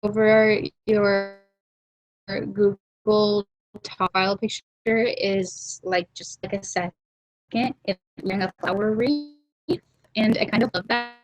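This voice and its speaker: A woman's voice: medium pitch, fairly even intonation, takes it slowly, rough recording. Woman, young adult, casual drawing hangout, rambling, giggly, laptop webcam audio. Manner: rambling, giggly, trails off into mumbles. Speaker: livestream host. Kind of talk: casual chat while drawing. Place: warm room at home.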